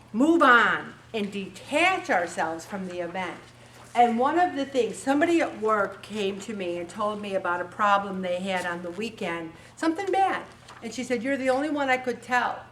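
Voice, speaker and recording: A woman's voice: fairly high pitch, a bit bright, recorded from a distance, slight background noise. A woman giving an earnest, chipper faith talk to a support group, acting out the quotes she tells. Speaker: faith-based weight loss group speaker.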